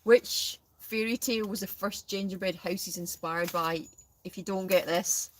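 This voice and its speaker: A woman's voice: mid-range voice, fairly even intonation, measured pace, recorded from a distance, slight background noise, rough recording. A woman co-hosting a live stream, reading out quiz questions and teasing her partner. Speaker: co-host.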